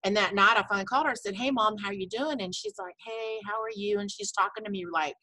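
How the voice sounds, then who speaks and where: Bright, chatty middle-aged woman storyteller. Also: mid-range voice, fast talker, no room sound, low-quality recording. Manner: chatty storyteller, many fillers and quoted dialogue. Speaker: network marketing distributor sharing her story. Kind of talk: casual personal testimony. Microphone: video call.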